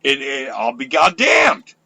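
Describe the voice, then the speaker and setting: An older man hosting an internet radio talk show, ranting loudly and profanely with fiery energy. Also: medium pitch, sing-song, unhurried, slight background noise.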